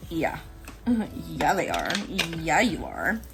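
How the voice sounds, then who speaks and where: A woman giving a casual tarot reading who is excitable and jumps between hushed, low talk and squealing laughter. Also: slow pace, gravelly, loud music behind the voice. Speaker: tarot reader.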